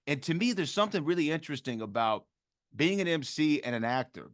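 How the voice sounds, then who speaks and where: A man's voice: mid-range voice, no echo, clean studio sound. A man from the American South interviewing an actor, asking long questions that lay out his own theories. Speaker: interviewer host.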